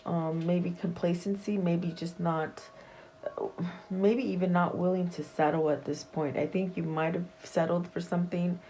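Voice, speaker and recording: A woman reads tarot cards aloud for her viewers in a relaxed, wandering way, often stopping to restart a thought. Her voice sits fairly low and sounds mellow and warm rather than bright. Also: measured pace, rough recording. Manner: soft, meandering, many fillers and restarts. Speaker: tarot reader. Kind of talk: casual tarot reading to camera.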